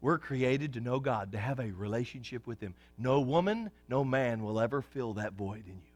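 A pastor preaching a sermon, folksy and joking with the congregation, swinging from hushed lows to excited shouts. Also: male voice, normal speed, faint music behind.

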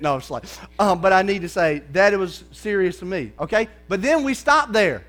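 A man preaching a conversational sermon to a congregation, often checking in with "okay?" and sometimes dropping to a soft, low voice. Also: lively intonation, normal speed. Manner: drops to a soft, low voice for stretches.

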